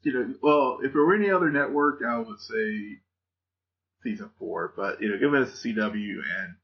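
Low-voiced hesitant man podcaster. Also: normal speed. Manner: hesitant, many fillers and restarts, laughs often. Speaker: podcast co-host. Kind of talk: casual chat reviewing TV shows. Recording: dull lo-fi audio.

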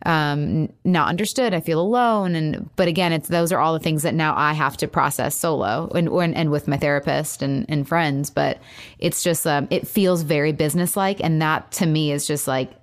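A woman talking through a painful separation, halting with many restarts and quoting herself. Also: low voice. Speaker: caller seeking advice. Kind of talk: emotional personal conversation.

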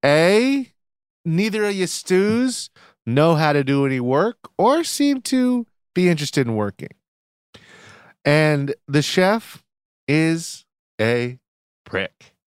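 A man with a nasal voice co-hosting a casual podcast, tossing out deadpan, contrary jokes. His pitch swings up and down a lot, and the close mic keeps him dry. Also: slow pace, smooth, no echo. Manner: deadpan joking, playful contrarian. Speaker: podcast co-host. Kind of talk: casual chat.

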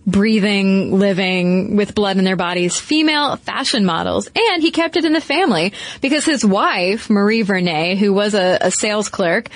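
A woman's voice: mid-range voice, normal speed, no room sound. Wry woman podcast host, dry close sound. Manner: wry, teasing asides. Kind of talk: casual conversational history chat.

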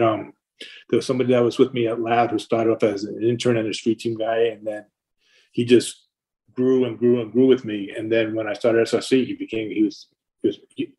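A middle-aged man with a husky, mid-pitched voice spins long stories about his career in a casual interview. He swears freely and keeps talking in an animated, rambling way. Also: low-quality recording. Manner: profane, animated anecdotes. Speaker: record label founder.

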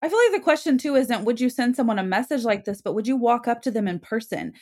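A woman podcast guest with a slightly high voice who talks in an emphatic, playful way. She pushes her points with punchy energy in a casual chat. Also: animated, fast talker, darkish tone, slightly rough.

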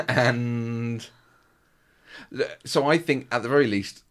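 A man's voice: medium pitch, takes it slowly, fairly bright tone. A man co-hosting a podcast, chatting casually in a rambling way with frequent restarts. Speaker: podcast co-host. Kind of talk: casual chat recapping a baking show.

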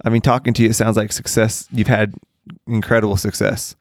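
A man hosting a podcast, asking the guest questions in a measured, casual way and searching for the right words. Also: fairly low pitch, flat delivery, a little mellow, no room sound, clean studio sound. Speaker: podcast host.

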